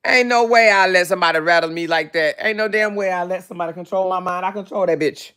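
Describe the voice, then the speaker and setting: A woman's voice: on the low side, quick pace, a bit bright, clear, resonant tone. Brash, mocking woman livestream host. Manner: brash, profane, mocking, laughing. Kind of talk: casual livestream commentary.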